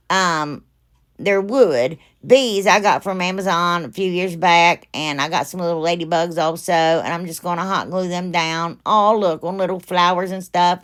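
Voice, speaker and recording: Chatty woman hosting a craft tutorial. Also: lowish voice. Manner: chatty and rambling, talks straight to viewers; frequent fillers and side comments. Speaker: craft channel host.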